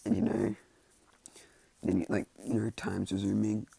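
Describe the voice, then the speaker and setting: A man with a low, deeply gravelly voice rambles casually through a made-up story. His tone is dark and husky, and the dry sound sits close and plain. He keeps stopping and restarting, padding it all with "like" and "you know.". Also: level tone, measured pace, no echo. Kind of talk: casual storytelling of fan fiction ideas.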